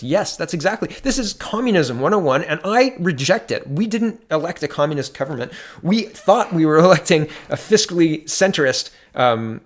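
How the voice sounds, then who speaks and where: A man's voice: a little high, expressive. A man giving indignant, sarcastic commentary on politics, reading out articles and breaking in with his own remarks. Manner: indignant, sarcastic, fast-shifting emphasis.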